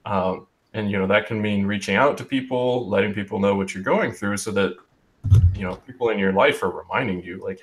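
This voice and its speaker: A man's voice: on the low side, a little fast. A young man hosting a casual online group discussion over a video call, reflective and full of ums and restarts. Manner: reflective, talks in restarts with um and you know. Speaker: host of an online group chat.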